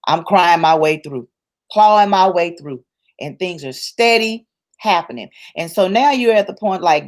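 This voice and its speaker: Woman guest, emphatic testimony voice, slightly low-pitched, colloquial and churchy. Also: expressive, normal speed. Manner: emphatic, repetitive storytelling; colloquial, church-rooted speech. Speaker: interview guest. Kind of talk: personal testimony in conversation.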